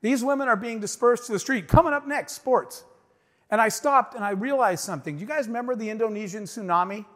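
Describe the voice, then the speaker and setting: A man's voice: high-pitched, fast talker, few pauses, a bit bright. A middle-aged man telling a story as a motivational speaker, talking emphatically and directly to his audience. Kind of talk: inspirational stage talk. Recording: long hall reverb.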